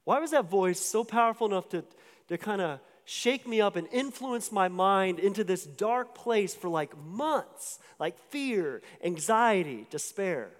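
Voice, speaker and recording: A man's voice: high-pitched, expressive, a little slow. Chatty male preacher, echoing hall. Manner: conversational storytelling with many restarts and asides. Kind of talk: sermon. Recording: long hall reverb.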